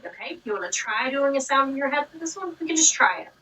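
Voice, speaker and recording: A woman's voice: high voice, expressive, fast, bright, forceful tone, recorded from a distance, poor audio. A woman with a Southern US accent from Georgia, teaching a child phonics, patiently explaining and praising. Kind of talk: one-on-one reading lesson.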